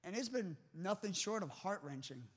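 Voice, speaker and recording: A man's voice: sits high, animated, normal speed. A man preaching a sermon with fervent emphasis and restarts, before a live congregation in a large hall. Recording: long hall reverb.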